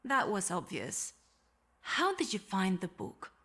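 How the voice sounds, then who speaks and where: An actress playing a proud, defiant occult scholar in a story game, speaking in a cool, self-assured way. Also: female voice, medium pitch, huge pitch swings, slow pace, bright, forceful tone, heavily acted.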